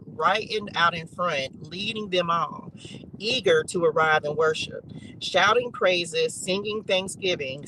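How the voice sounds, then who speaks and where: A man's voice: high-pitched, bright, forceful tone, slight background noise, poor audio. A man reading psalms aloud with emphatic repetition and casual asides to a live chat. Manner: emphatic, repeats phrases, colloquial asides. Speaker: online faith reader and streamer.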